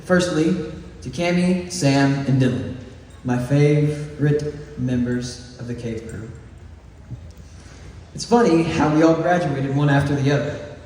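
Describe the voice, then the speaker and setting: An eighteen-year-old valedictorian from East Texas gives a heartfelt, joking graduation speech in a fairly high, slightly mellow voice. He speaks slowly and deliberately, chuckling along the way. The recording comes from far off in a large, echoey hall or gym, with faint noise.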